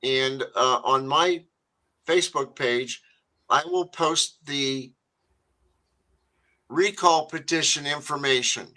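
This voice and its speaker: A man's voice: mid-range voice, slow pace, long pauses, pushed and bright, poor audio. A man hosting a talk radio show, rambling and chatty with many fillers.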